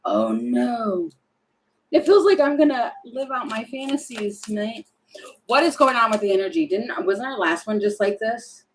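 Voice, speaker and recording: A woman's voice: fairly high pitch, normal speed, vocal fry, rough recording. A woman doing a casual tarot reading, chatty and thinking aloud, often laughing and breaking off. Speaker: tarot reader.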